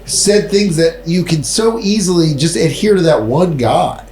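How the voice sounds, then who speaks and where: A man hosting a casual podcast, blunt and swearing as he chats and plugs the show. His voice sits slightly high for a man. It sounds echoey, with faint noise behind. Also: a little slow, a little mellow. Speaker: podcast host. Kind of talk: casual chat.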